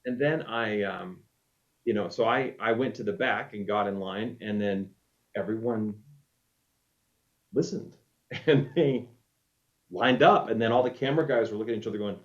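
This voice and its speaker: A man, a former reality show contestant, casually telling a story in an animated way and acting out what people said. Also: fairly low pitch, moderate pace, long pauses. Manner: animated storyteller, acts out quoted lines. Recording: dull lo-fi audio.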